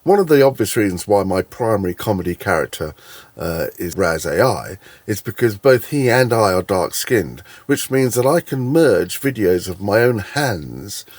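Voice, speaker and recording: A man's voice: lowish voice, sing-song, moderate pace, a little mellow, no echo. A man giving a casual tutorial, hesitating often with fillers and restarts. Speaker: tutorial creator.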